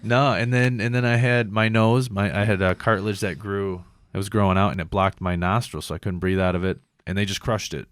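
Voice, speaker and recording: A man's voice: fairly low pitch, flat delivery, brisk, few pauses, dry recording, clean studio sound. A man hosting a podcast, telling rambling, profane stories in casual chat. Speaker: podcast host.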